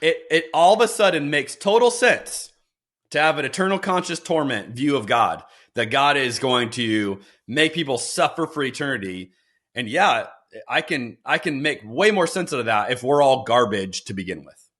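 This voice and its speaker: Podcast co-host, middle-aged man, earnest and lively, pitch swinging widely. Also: normal speed. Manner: earnest, animated, quotes and mimics voices. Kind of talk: conversational theology podcast.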